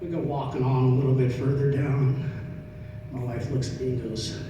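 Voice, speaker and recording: Middle-aged comedian, echoey room. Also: male voice, medium pitch, steady tone, normal speed, muffled recording. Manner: conversational storytelling, swings from loud punchlines to quiet asides. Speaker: stand-up comedian. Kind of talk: stand-up comedy set. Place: comedy club stage. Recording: echoey room, distant mic, audible noise.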